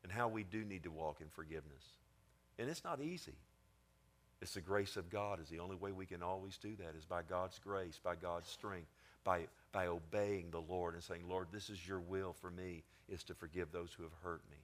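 A male preacher giving a sermon, swinging between quiet, low passages and emphatic ones, often calling for amens. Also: normal speed. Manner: asks the congregation for amens.

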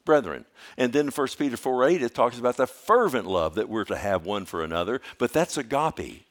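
A man's voice: medium pitch, very animated, brisk. A middle-aged man delivers a sermon in an ordinary mid-range voice. He presses points by repeating them and restarts his phrases, then falls to a near-whisper when he tells a story. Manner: impassioned preaching that swings from loud urgency to hushed storytelling. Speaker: pastor.

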